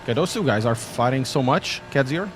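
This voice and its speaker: A man's voice: mid-range voice, lively intonation, brisk, slight background noise. A man, chatting casually and rambling jokily on a sim racing live stream. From Portugal. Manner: rambling, self-deprecating and jokey.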